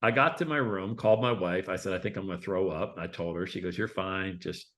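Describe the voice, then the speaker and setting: A man's voice: low-pitched, fast talker. A man speaking as a guest in a casual interview, telling his stories in a loose, conversational way. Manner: animated, acts out quoted voices, loose and conversational. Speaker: guest, public speaker and coach.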